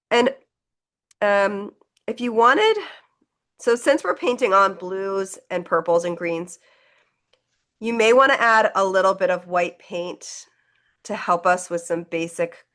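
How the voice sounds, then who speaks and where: A woman teaches a live painting class online, her voice sitting at an ordinary middle pitch. She chats easily as she mixes colors and demonstrates, reassuring students as she goes. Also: slow pace, long pauses, a bit bright. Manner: chatty, encouraging, talks while demonstrating. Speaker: painting instructor.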